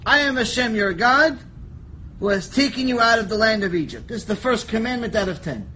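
A man teaching a Torah lecture, animated storytelling that jumps between quiet asides and shouted lines, joking with his listeners. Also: high-pitched, brisk, a little hiss or hum, low-quality recording. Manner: animated storytelling, acts out voices, jokes, shouts for emphasis. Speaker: rabbi teaching a lecture series.

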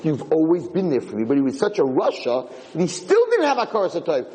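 A man teaches a Torah class in a fairly high, lively voice that rises and falls with emphasis. He acts out the people he quotes, and the sound rings through a large hall with a long reverb. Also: fairly quick, a little hiss or hum. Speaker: Torah lecturer.

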